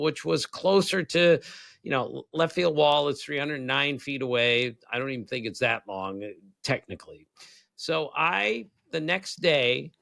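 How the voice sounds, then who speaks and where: A man's voice: mid-range voice, animated, unhurried, vocal fry, sharp tone, no room sound. A man in his sixties, a podcast co-host, telling rambling baseball stories in casual chat and often breaking into laughs. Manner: rambling anecdotes with frequent laughs. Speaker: co-host, former baseball writer.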